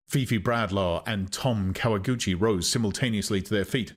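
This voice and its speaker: A man reading a novel aloud in measured, expressive scripted narration. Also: lowish voice. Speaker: audiobook narrator.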